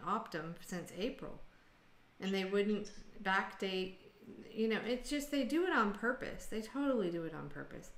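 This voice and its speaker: A woman's voice: medium pitch, a bit bright, echoey room. An American woman hosting a casual group video call, venting bluntly and sarcastically. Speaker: host.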